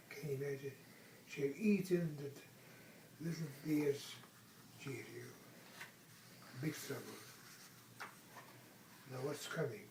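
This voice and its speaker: Grandpa reading a bedtime story at home, slow and gentle, echoey room, mic a bit far. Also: male voice, on the high side, slight background noise. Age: older. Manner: gentle, asks the child questions.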